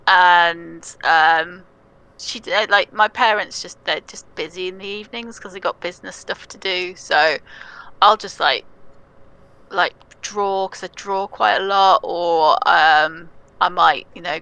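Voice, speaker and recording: A woman playing a tabletop game, describing her character in a hesitant way with many pauses and ums. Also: fairly low pitch, steady tone, gravelly, sharp tone, rough recording. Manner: hesitant, lots of ums and restarts. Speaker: player.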